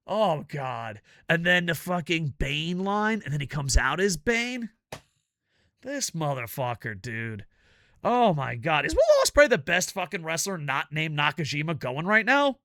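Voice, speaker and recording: Guy ranting and swearing a lot, kinda high gravelly voice, real excitable. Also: no room sound, studio quality. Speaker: wrestling reviewer and show host. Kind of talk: ranting casual video review.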